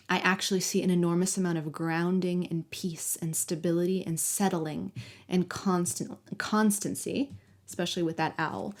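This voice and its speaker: Gentle woman giving a tarot reading. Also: fairly low pitch. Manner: soft, affectionate, talks directly to the viewer. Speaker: tarot reader.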